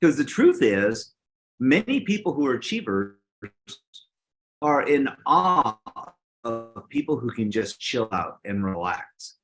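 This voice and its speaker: A man's voice: mid-range voice, sing-song, a bit bright. A man co-hosting a casual talk show, speaking in an emphatic, motivational way. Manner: emphatic, motivational, quick bursts. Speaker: co-host. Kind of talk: casual chat.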